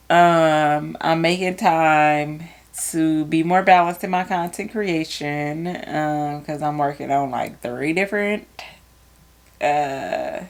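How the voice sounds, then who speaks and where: A young woman with a lowish, gravelly voice chats casually as a podcast co-host. Her talk is relaxed and full of slang, and she laughs easily. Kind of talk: casual chat.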